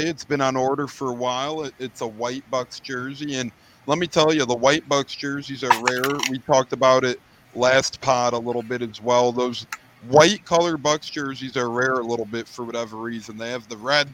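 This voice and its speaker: Male podcast host, casual upbeat fan chatter, mid pitch. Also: fairly bright tone, a little hiss or hum. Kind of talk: casual sports chat.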